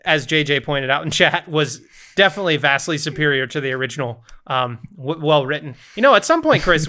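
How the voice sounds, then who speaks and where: A man's voice: a little high, pushed and bright. A man co-hosting a podcast game, playful and teasing in casual chat. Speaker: podcast co-host.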